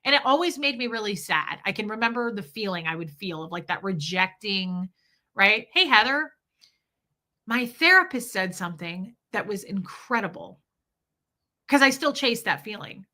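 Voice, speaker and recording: A middle-aged woman tells candid stories about her own life, speaking openly and sometimes acting out the voices of the people involved. Her medium-pitched voice is expressive and sharp, at a normal speed.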